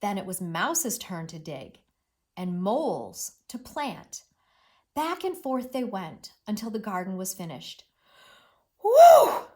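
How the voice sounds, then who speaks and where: Expressive woman teaching a reading lesson. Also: mid-range voice, measured pace. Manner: expressive, encouraging, emphatic. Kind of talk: read-aloud reading lesson.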